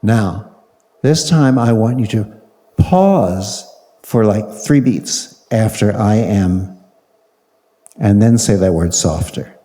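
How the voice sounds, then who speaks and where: Slow, mellow man leading a hall. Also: on the low side, animated. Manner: coaxing, playful, repeats short commands. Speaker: speaker on a panel. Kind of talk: guided audience exercise. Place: large hall with a live audience. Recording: long reverb of a large hall.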